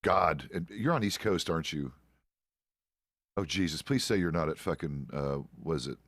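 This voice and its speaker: Middle-aged American guy, very low voice, dry close sound; relaxed, profane streamer chatter. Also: normal speed, dry recording. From United States. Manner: profane, laid-back, chuckles often. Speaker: roleplay streamer. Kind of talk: casual chat while roleplaying a game.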